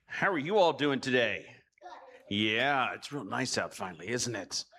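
Animated man telling children a story. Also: mid-range voice, moderate pace, slight background noise. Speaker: children's director. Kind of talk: children's message in church.

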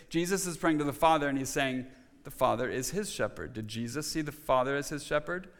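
Preaching man with a fairly high voice in a reverberant hall. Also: a bit bright. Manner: emphatic preaching with rhetorical questions and repeated restarts. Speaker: pastor. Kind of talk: sermon.

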